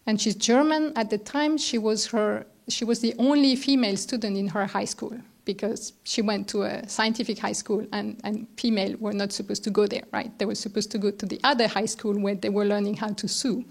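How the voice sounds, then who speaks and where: A woman's voice: medium pitch, fairly even intonation, fairly quick, creaky, few pauses. Middle-aged woman speaking at a panel. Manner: conversational, thoughtful, with restarts. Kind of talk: round-table talk. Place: lecture room.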